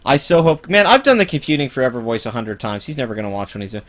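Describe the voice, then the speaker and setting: A man's voice: mid-range voice, sing-song, quick pace, few pauses, fairly bright tone. Profane ranting man. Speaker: channel host. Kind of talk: live-stream reaction commentary.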